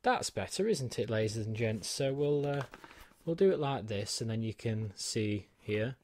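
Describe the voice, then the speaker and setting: A man's voice: on the low side, animated, a little slow, darkish tone, slight background noise. A man giving a chatty, self-deprecating walkthrough of a gadget in his small home studio, with plenty of ums. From United Kingdom. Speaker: tech reviewer. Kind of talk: unboxing and set-up walkthrough.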